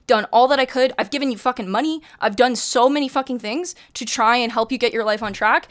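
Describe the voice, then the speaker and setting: Her voice sits on the high side with a fairly bright tone as this twenty-something woman vents to her stream chat. The rant is hot-tempered and forceful, full of profanity.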